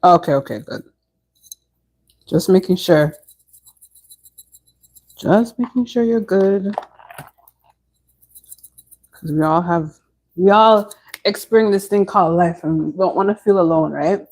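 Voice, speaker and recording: A woman in the middle of a relaxed home live stream, chatting away with her viewers. She answers their comments as they come in, in an easygoing, conversational way. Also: on the low side, takes it slowly, long pauses, low-quality recording.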